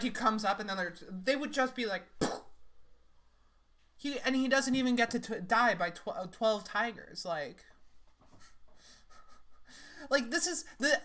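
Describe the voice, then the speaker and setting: A woman's voice: medium pitch, a bit bright. A young woman making sarcastic, laughing, rambling comments as she reacts to clips.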